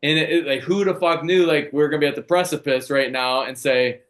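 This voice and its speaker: A man's voice: fairly high pitch, fast talker, fairly bright tone. Man, forties, swearing a lot, casual podcast chat, blunt storytelling. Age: 40s. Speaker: podcast co-host.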